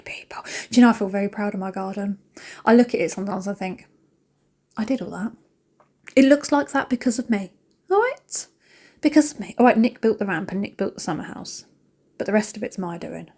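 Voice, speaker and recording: A chatty woman with a British accent talks her viewers through a day of cleaning, her voice sitting at an ordinary middle pitch. She rambles from one thing to the next, addresses the audience directly and is quick to laugh at herself. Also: a little mellow. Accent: British English. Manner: emotional, self-mocking. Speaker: cleaning vlogger. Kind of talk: casual chat while cleaning.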